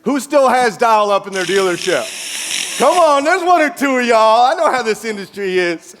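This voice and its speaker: A man giving an energetic conference keynote, telling a story and joking with the crowd through questions. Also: very high-pitched, moderate pace, background noise. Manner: animated, jokey, engages the crowd with questions. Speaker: keynote speaker. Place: large dim conference hall. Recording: long hall reverb.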